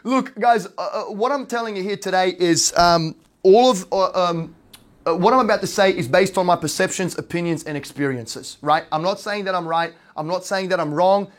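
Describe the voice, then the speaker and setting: A man's voice: sits high, moderate pace. An Australian man talks through a casual slideshow presentation. He rambles, fills gaps with ums and uhs, and keeps asking "right?" to check in with his listeners. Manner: rambling, heavy on fillers and tag questions. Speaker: real estate investor and brokerage owner.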